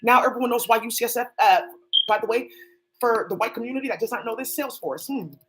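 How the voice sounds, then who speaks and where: Woman channel host, rapid-fire profane rambling monologue, slightly high voice, faint hiss behind. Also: fairly bright tone, poor audio. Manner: rapid, profane, talks to unseen people.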